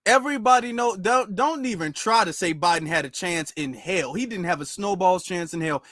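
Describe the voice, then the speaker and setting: A man's voice: sits high, normal speed, fairly bright tone, no room sound, studio quality. Sarcastic man hosting a reaction stream. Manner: sarcastic, repeats rhetorical questions. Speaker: host of a livestreamed commentary show. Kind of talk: reaction commentary livestream.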